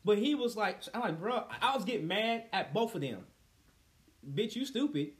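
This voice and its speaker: High-voiced young man telling profane stories. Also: fairly quick. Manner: profane, animated storyteller who acts out quotes. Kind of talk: casual chat.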